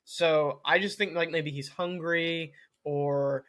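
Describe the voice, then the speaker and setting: A man's voice: fairly high pitch, steady tone, slow pace, fairly bright tone. A young man co-hosting a podcast, telling a comedic story in casual chat, full of "like" fillers. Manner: rambling storytelling with many "like" fillers. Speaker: podcast co-host.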